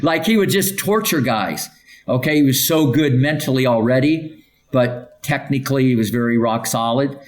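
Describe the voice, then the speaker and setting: An older man, a tennis coach, recounts his stories in an emphatic, punchy way. He rattles off lists of names and keeps checking in with "okay?", at an ordinary, mid-range pitch. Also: moderate pace. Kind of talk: podcast interview storytelling.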